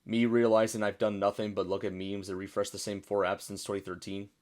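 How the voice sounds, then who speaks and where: A man's voice: fairly low pitch, level tone, brisk, darkish tone. A young American man casually reacting to memes as a video host, chatty and puzzled, reading captions aloud. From United States.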